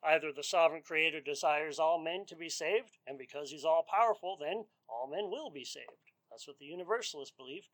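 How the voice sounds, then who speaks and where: Earnest man preaching, slightly high voice. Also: fairly bright tone, low-quality recording. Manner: earnest, measured, rhetorical questions. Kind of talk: expository sermon.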